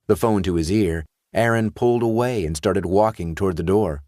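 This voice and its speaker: Deep-voiced man narrating a horror story. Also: darkish tone, dry recording, clean studio sound. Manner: measured storytelling delivery. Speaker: audiobook narrator. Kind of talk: scripted narration.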